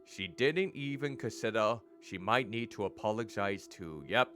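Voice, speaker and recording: A man's voice: lowish voice, expressive, moderate pace, hardly any pauses, a bit bright, faint music behind. A male streamer reading game text aloud and commenting, stumbling over pronunciations.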